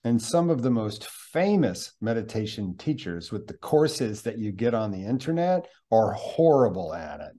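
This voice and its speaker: A man with a fairly low voice hosts a podcast conversation. He speaks in an animated, teacherly way. At times he eases into the slow cadence of a guided meditation. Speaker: podcast host and mindfulness teacher for physicians.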